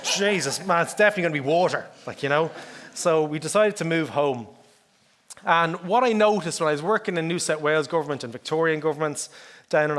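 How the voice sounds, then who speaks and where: A man's voice: mid-range voice, a bit bright. Chatty Irish man giving a conference talk. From Ireland. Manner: conversational, chatty, often adds "okay?" and "like, you know". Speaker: conference speaker.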